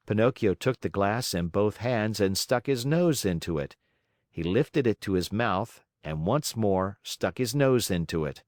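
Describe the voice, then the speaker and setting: A man reading a classic children's story aloud as an audiobook narrator, expressive and unhurried. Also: lowish voice, no echo, studio quality. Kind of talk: scripted narration.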